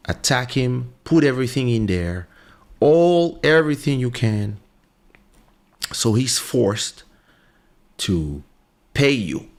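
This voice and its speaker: A man's voice: medium pitch, takes it slowly, pauses often. A man hosting a podcast, telling a story in a casual monologue and acting out the voices of the people in it. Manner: animated storytelling, acts out quoted voices. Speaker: podcast host.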